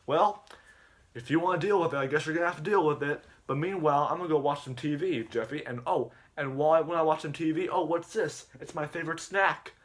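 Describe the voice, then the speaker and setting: Guy doing a fed-up dad voice, a bit higher, blunt and annoyed. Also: quick pace, natural voice. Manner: blunt, exasperated.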